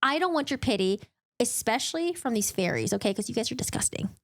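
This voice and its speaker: Flippant young heroine, as a woman puts her on, sarcastic, animated, higher voice. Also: fast talker. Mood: scornful. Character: defiant young woman, curt and dismissive.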